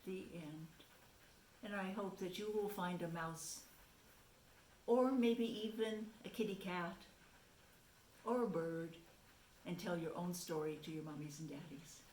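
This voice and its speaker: A woman teacher reading a picture book aloud to children in a soft, gentle way. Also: on the low side, unhurried, pauses often, slight background noise. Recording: roomy echo, faint ambience.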